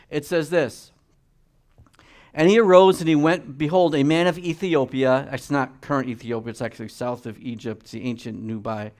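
Male preacher with dramatic swings. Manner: dynamic delivery, loud emphatic peaks dropping to quiet low asides. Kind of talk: sermon.

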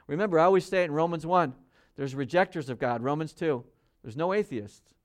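A man delivering a sermon, his voice sitting a little higher than most men's. He reads scripture aloud with loud, swelling emphasis, then drops to quiet, low asides as he explains it to the congregation. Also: brisk. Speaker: pastor.

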